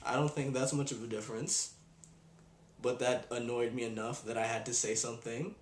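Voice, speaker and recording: A man's voice: medium pitch, normal speed, slight background noise. Young man ranting in an echoey room. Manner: exasperated, animated ranting. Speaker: vlogger. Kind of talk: ranting video blog.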